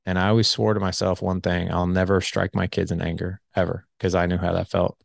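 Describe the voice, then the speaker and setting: Low gravelly man telling his story. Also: level tone, brisk, no echo, studio quality. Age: 40s. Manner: candid, heavy use of filler "like". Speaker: podcast guest telling his life story. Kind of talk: casual conversational storytelling.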